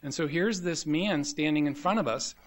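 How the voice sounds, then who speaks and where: A man's voice: on the high side, moderate pace. A man in his fifties from the American South, giving a medical lecture told through personal stories with many ums. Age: 50s. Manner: anecdotal storyteller, frequent ums and you-knows. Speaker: grand rounds speaker. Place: lecture hall.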